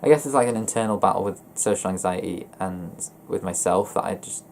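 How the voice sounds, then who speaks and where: A young man vlogging about his feelings in a flat, monotone voice, hesitant and often stopping to correct himself. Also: deep voice, creaky, slight background noise. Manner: hesitant, halting and self-correcting. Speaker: gaming YouTuber. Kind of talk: personal confessional vlog.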